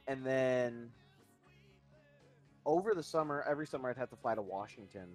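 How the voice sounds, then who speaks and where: A man's voice: mid-range voice, expressive, moderate pace, darkish tone, soft background music. A young man casually telling a long story on a podcast, rambling and swearing as he acts out other people's lines. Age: young adult. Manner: rambling, swearing, mimics voices in quotes. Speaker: podcast co-host.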